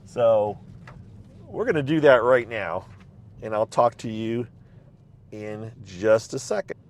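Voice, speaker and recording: A man's voice: on the low side, takes it slowly. A man casually recapping a TV show from inside his car, rambling with lots of fillers and restarts. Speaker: recap vlogger.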